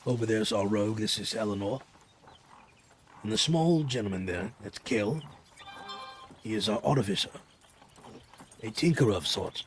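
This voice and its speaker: A boastful paladin knight, as a player puts him on, introducing himself with formal, pompous flourishes. The voice sits low for a man, and the role-play is improvised at a gaming table. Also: animated, moderate pace, pauses often, slight background noise, close to an everyday voice. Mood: grand.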